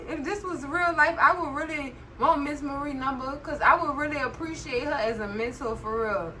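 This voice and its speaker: High, bright-voiced woman recapping TV. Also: a little hiss or hum, poor audio. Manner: chatty, animated, constantly says "girl"; laughs often while talking. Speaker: TV recap host. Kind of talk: casual TV recap commentary.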